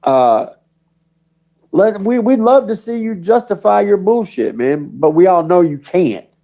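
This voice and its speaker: A man runs a profane livestream rant, taunting absent people by name and laughing between jabs. His voice sits a touch high and carries a rough, gravelly fry. He is casual and scornful, heavy on cursing. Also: very animated, measured pace, mellow, poor audio. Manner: mocking, cursing, laughs often between lines. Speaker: livestream host.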